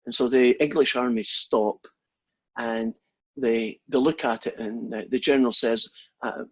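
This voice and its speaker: Husky Scottish lecturer telling jokes. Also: male voice, medium pitch, fairly even intonation, a little slow, lo-fi sound. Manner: chatty, storytelling, self-deprecating. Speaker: math lecturer. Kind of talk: casual lecture chat with jokes.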